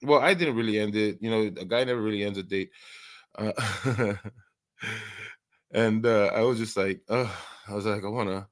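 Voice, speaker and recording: Man, slightly low voice, casual live stream chat, rambling, lots of stammered restarts. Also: moderate pace. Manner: laughs often, easygoing.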